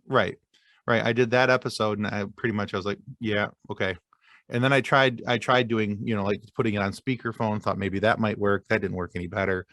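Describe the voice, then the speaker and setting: A man guest on a podcast, telling stories in a halting, self-deprecating way with many restarts. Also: on the low side, fairly even intonation, a bit bright, no room sound, clean studio sound. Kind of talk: casual podcast chat.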